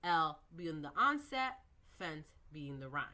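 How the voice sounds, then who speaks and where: A woman teaching early reading skills, slowly modelling words and sounds with patient explanations. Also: low-pitched, big pitch swings, pushed and bright. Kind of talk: instructional lecture.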